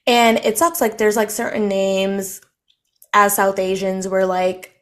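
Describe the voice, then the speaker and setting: A woman's voice: medium pitch, little pitch movement, slow. A young woman from the United States co-hosting a podcast, chatting casually with lots of filler words. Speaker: podcast co-host. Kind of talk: casual chat.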